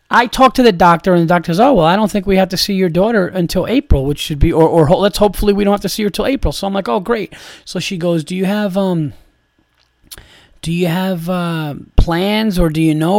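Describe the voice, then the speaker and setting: A man's voice: sits high, no echo, clean studio sound. A young adult man hosting a podcast, ranting in an exasperated, profane, repetitive way. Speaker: podcast host. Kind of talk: casual ranting monologue.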